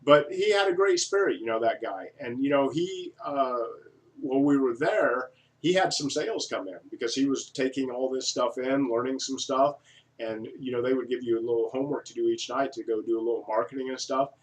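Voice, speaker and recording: A man's voice: mid-range voice, brisk. A man vlogging in a casual, digressive monologue, folksy and full of fillers. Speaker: vlogger reviewing an online business offer. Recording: voice from a distance from the mic.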